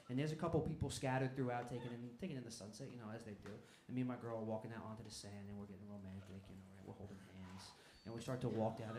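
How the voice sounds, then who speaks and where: A man doing a stand-up set, telling stories fast and working the crowd, in a comedy club with a handheld mic. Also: mid-range voice. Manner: fast, animated storytelling with crowd work. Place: comedy club stage with laughing audience. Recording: echoey club with crowd laughter.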